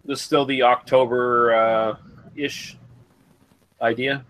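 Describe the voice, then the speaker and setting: A man's voice: mid-range voice, little pitch movement, slow, a bit bright, poor audio. A man chatting in a laid-back way on a casual video call. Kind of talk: casual group chat. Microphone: video call mic.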